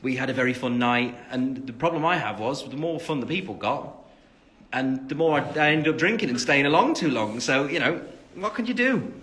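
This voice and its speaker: A man's voice: mid-range voice, a little fast, a bit bright. A young man from England with a Midlands accent, chatting loosely on a phone livestream and answering fan questions with a lot of fillers and self-deprecating asides. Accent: English Midlands. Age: 20s. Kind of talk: casual chat. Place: at home after the gym. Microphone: phone camera.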